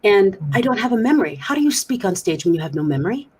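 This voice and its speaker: A middle-aged woman speaks as an interview guest with a slightly husky, breathy tone. Her delivery is candid and earnest, full of small restarts as she works through a personal account. Her pitch sits in an ordinary middle range. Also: sing-song, fast talker, a little mellow. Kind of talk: interview storytelling.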